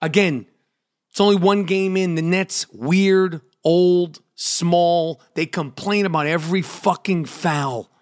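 Brief: middle-aged New podcast host, high-pitched, profane comic rant with shouted outbursts. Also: male voice, takes it slowly. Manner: profane, ranting, yells in bursts.

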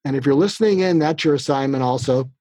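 Husky older man giving lively advice. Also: medium pitch, quick pace, no echo. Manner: lively, acts out quoted family dialogue. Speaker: podcast guest.

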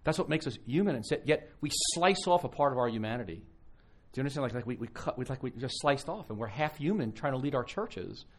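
At medium pitch and a quick pace, a man preaches conversationally at a live conference. This pastor's stories come out animated, with frequent restarts.

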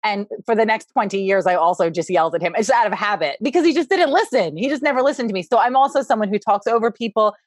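A woman in her forties talking candidly as a podcast guest, loud and animated, laughing often. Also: mid-range voice, quick pace, few pauses, no echo. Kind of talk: candid conversational interview.

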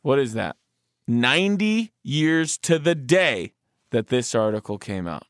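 Animated joking man reading letters. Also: mid-range voice, a little slow, dry recording, clean studio sound. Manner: animated, joking, reads with playful emphasis. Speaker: podcast co-host. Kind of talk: casual chat, reading listener letters aloud.

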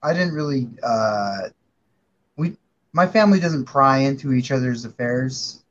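Halting man guest on a muffled mic. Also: medium pitch, slight background noise. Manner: halting, stammering, storytelling. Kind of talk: casual chat.

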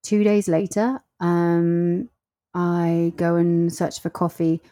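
Animated woman telling travel stories. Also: lowish voice, slow pace. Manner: animated storyteller, acts out quotes. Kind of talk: casual conversation.

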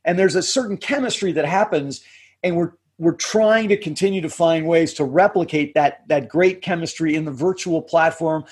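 Male coach, husky tenor, measured explanatory delivery. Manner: measured, explanatory, drops pitch to end points. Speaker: communication coach, podcast guest. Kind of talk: interview conversation.

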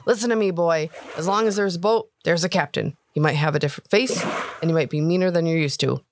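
A woman doing a gruff, world-weary pirate cook. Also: on the low side, quick pace, no echo, clean studio sound, natural voice. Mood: menacing. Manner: drawling, world-weary, turns menacing. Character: gruff middle-aged male pirate ship cook.

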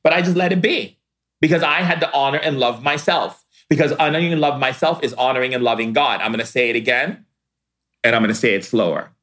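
Man giving a slow, emphatic spiritual talk. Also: medium pitch, a bit bright. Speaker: spiritual teacher.

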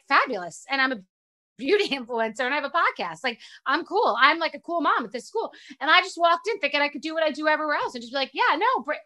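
Bright, rambling, swearing woman podcaster. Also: fairly high pitch. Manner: rambling, animated, self-deprecating, swears freely. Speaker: podcast host. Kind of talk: casual storytelling monologue.

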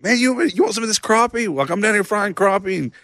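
Dude doing his chill little brother, high and breezy. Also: expressive, quick pace, a bit bright, no echo, clean studio sound. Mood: chummy. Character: easygoing younger brother, upbeat.

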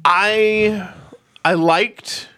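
A man's voice: sits high, steady tone, very slow, sharp tone. A man co-hosting a movie podcast in a loose, rambling, laughing chat. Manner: laid-back, rambling, laughs often. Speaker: podcast co-host. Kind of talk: casual chat.

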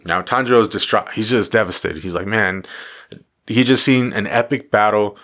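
A man's voice: lowish voice, normal speed, fairly bright tone. A man giving a casual motivational talk, driving his points home with repeated phrases and the odd swear word. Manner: emphatic repetition, casual profanity. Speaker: motivational vlogger.

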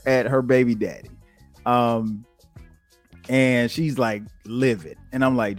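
A man from South Carolina tells stories on his podcast in a loose, conversational way. His voice sits in the middle range and leaps up high when he quotes himself. The sound is dry and close to the mic, with faint music underneath. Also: slow pace, no echo. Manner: animated, jumps high when quoting himself. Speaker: podcast host. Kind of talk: casual storytelling.

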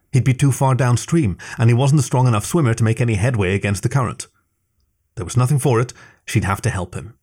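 A man narrating a story, with steady, scripted storytelling. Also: on the low side.

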